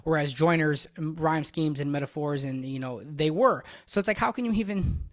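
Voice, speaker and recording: A man's voice: fairly high pitch, normal speed. A man hosting a reaction video, giving blunt, opinionated casual commentary that rambles with frequent restarts. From United States.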